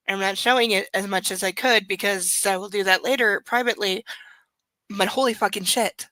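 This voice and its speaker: A woman's voice: medium pitch, moderate pace, pushed and bright, no room sound. A woman reading a novel aloud for her book club stream and breaking off into long, swear-filled commentary, peppered with "like" and "literally.". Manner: profane, swears constantly, rants.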